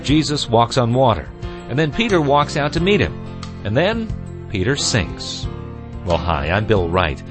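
A man's voice: medium pitch, big pitch swings, measured pace. A man as program host reading a scripted introduction in a friendly, announcer-like manner. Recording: music bed behind the voice.

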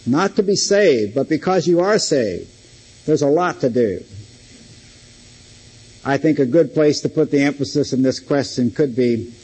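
An older man preaching a sermon, leaning on single words and slowing down to stress them. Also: medium pitch, lively intonation, darkish tone, husky, low-quality recording.

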